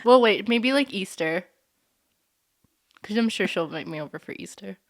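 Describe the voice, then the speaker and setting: A young woman co-hosting a podcast, chatting playfully with quick jokes. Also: medium pitch, lively intonation. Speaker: podcast co-host. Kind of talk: casual chat.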